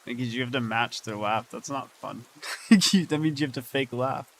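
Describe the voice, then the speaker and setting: A man's voice: medium pitch, normal speed, fairly bright tone, slight background noise. A man chatting casually and laughing along while reacting to videos. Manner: amused, laughing, easygoing.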